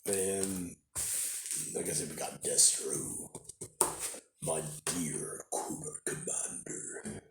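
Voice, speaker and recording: A man's voice: low-pitched, gravelly. A man with a cold and a stuffed-up voice, rambling casually into his phone camera at home, repeating himself and trailing off. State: congested with a cold. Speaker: toy collecting vlogger. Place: at home indoors. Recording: echoey room with faint noise.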